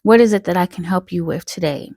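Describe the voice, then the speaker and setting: A woman doing a soft-voiced mystery woman. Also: lowish voice, quick pace, no echo. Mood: mysterious. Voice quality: soft, gentle, at times whispered. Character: mysterious wish-granting woman on the phone, soft and gentle.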